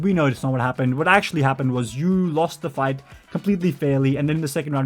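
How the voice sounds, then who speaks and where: A man giving a ranting commentary, exasperated and sarcastic, sometimes doing mocking impressions. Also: mid-range voice.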